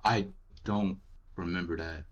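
A young man co-hosting a casual chat, jumping in with excitable, teasing remarks. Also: sits low, measured pace, dull audio.

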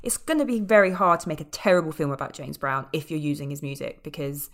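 This woman talks fast in a low-pitched voice while co-hosting a podcast. It's a casual, animated film review chat, heavy on fillers and dotted with occasional swearing.

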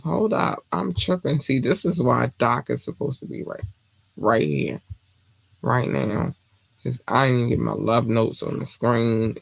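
Man, podcast host, casual live-stream chat, effusive shout-outs, squealed greetings, slightly high voice, gravelly. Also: dry recording.

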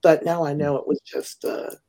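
A woman hosting a podcast interview, talking softly and often slipping into a whisper. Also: low-pitched, little pitch movement, normal speed, poor audio. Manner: soft-spoken, often trailing into a whisper. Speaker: podcast host and burn survivor. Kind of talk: casual interview chat.

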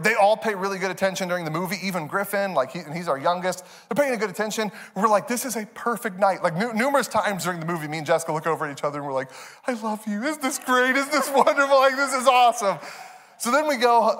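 On a church stage in a large hall, a pastor delivers a lively storytelling sermon in a fairly high voice. He's animated, acting out his kids in high voices and laughing often.

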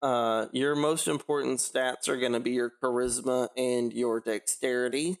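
A man's voice: medium pitch, little pitch movement, normal speed. A man running a tabletop game as game master, joking and laughing often. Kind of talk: casual tabletop game chat.

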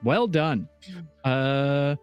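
A man's voice: mid-range voice, very slow, clean tone, faint music behind. A man acting as game master and host, wrapping up a streamed tabletop game with upbeat, playful showmanship.

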